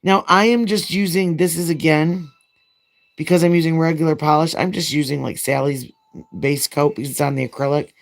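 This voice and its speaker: A woman's voice: low voice, steady tone, brisk. Chatty woman rambling while doing nails. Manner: chatty, rambling, frank storytelling. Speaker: nail vlogger.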